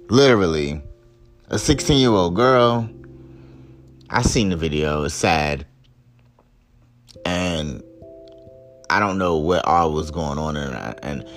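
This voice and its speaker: Angry, profane man ranting low. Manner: heated, profane, rising to shouts of outrage. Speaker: podcast host. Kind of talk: angry solo commentary.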